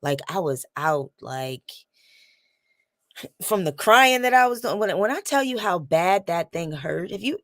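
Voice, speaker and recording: A woman chats casually to camera. She tells her story with lively repetition and acts out what people said. The sound is dry and close, with no room echo. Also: fairly low pitch, a little slow. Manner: animated storytelling, acts out quotes and repeats phrases. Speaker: vlogger.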